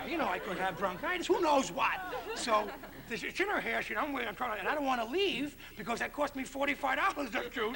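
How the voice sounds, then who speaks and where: A man with a high, gravelly voice tells a comic story on a late-1960s television talk show, animated and leaning on a constant "see?". A loud studio crowd laughs and murmurs behind him. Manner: animated, keeps adding "see?". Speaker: comedian guest. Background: studio audience laughing.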